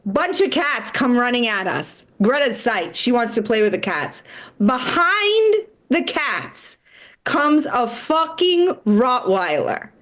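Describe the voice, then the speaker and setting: A woman with a high voice tells a comic story on a live stream. She talks in an animated, profane way and laughs her way through the telling. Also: slow pace. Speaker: comedian.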